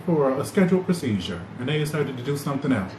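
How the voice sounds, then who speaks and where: A man hosting a podcast, rambling loosely in animated, slangy casual chat. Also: medium pitch, fast talker. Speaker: podcast host. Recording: echoey room with loud ambient noise.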